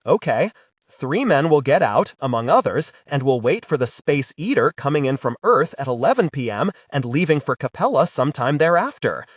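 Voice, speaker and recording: A man's voice: on the high side, sing-song, normal speed, slightly rough, dry recording, clean studio sound, recorded from a distance. A man voicing a blunt, businesslike male boss of a space service in an audiobook. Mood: briefing.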